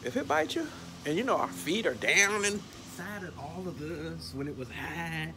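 A man from Georgia, telling a lively story outdoors about his lawn care work, often stumbling over repeated words. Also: a little high, measured pace, noisy background. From Atlanta, Georgia. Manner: animated, stumbling repeats, acts out bits. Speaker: lawn care worker filming a vlog. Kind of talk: casual storytelling. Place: outdoors by a carport.

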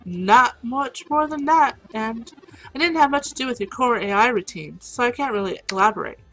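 A woman's voice: fairly high pitch, animated, moderate pace, fairly bright tone, faint music behind, pitched above the performer's own voice, low-quality recording. A woman voicing a breezy hacker who calls people hun, attempting a drawl and reading the lines aloud. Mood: easygoing.

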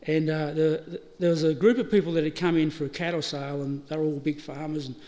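In a reverberant funeral hall with faint ambient noise, a middle-aged Australian man gives a eulogy full of funny stories. His voice is fairly high, steady and warm, and he talks fast, laughing and acting out what people said.

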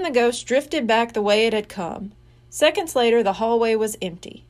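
A woman reading a children's mystery book aloud, slowly and expressively. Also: on the high side, lively intonation. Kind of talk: read-aloud storybook narration.

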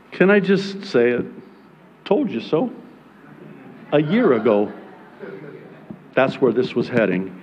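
A male pastor preaching about prophecy from the pulpit, sarcastic and animated, mocking his critics in put-on voices. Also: medium pitch, slow, long pauses, lo-fi sound, slight background noise. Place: church sanctuary.

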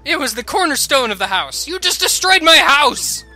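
Guy doing a high bright pompous rich-guy voice, grand and full of himself. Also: big pitch swings, normal speed, soft background music, heavily acted. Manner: grand, theatrical and self-important. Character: pompous vain male pirate-camp noble.

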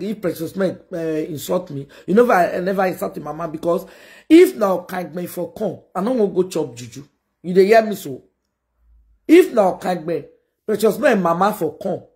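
A woman with a Nigerian Pidgin accent hosting a gossip reaction video, scolding and mocking with sudden shouts. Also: medium pitch. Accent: Nigerian Pidgin English. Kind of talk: animated reaction commentary.

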